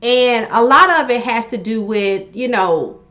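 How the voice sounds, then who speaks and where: A woman coaching viewers on a livestream, speaking in an animated, repetitive way as she calls on them directly. Her voice sits fairly high. The livestream audio sounds slightly dull and lo-fi. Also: a little slow. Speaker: livestream host and life coach. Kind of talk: casual livestream talk to viewers. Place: home room she calls her pink cave. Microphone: livestream setup.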